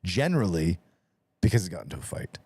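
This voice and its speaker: A man's voice: sits low, big pitch swings, fast, a little mellow, slightly rough, no room sound. A man hosting a podcast in casual chat, telling stories with lots of swearing and acting out both sides of each exchange. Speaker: podcast host.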